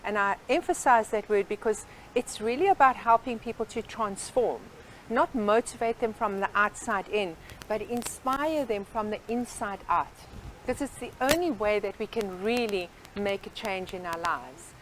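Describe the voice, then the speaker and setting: A woman's voice: mid-range voice, moderate pace, a little hiss or hum, rough recording. A woman guest on a talk show, a life coach explaining her ideas earnestly with sayings and metaphors. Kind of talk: interview.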